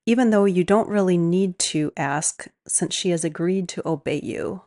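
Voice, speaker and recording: A woman co-hosting a podcast, soft-spoken and agreeable in casual chat. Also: lowish voice, normal speed, no room sound, studio quality. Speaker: podcast co-host.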